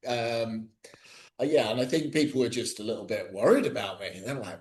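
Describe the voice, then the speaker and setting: A middle-aged man, a podcast guest, speaking casually with many pauses, fillers and restarts. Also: medium pitch, lively intonation. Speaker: guest, cricket coach.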